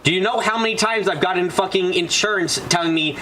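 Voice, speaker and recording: Man, let's-play streamer, bright voice, foul-mouthed ranter who talks back to chat. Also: high voice, fast talker, slight background noise. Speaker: gaming streamer. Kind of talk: casual let's-play commentary.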